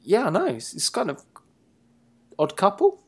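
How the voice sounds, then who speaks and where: Lively, teasing male wrestling-show host. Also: sits high, moderate pace, husky. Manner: playful and teasing, laughs often, wanders mid-sentence. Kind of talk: casual chat.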